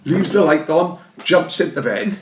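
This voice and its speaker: A man's voice: fairly high pitch, animated, measured pace, slight background noise. A man co-hosting a podcast, telling a sweary story in a rowdy way and tacking "right?" onto his lines. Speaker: podcast co-host. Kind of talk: casual chat. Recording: echoey room sound.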